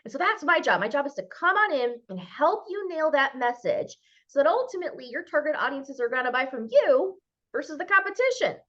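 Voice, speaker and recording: A woman with a Minnesota accent speaks high and with a swooping, lively melody. She is a guest speaker on a video call who plays out short exchanges with a playful touch. The call audio sounds dull and muffled. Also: a little fast. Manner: lively, playful, acts out little dialogues. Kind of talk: animated presentation on a video call.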